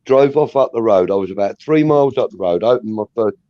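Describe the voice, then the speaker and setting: A man telling animated, swear-filled stories in casual chat. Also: lowish voice, quick pace, no room sound. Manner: animated storyteller, swears freely. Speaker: podcast co-host. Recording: dry, dull lo-fi sound.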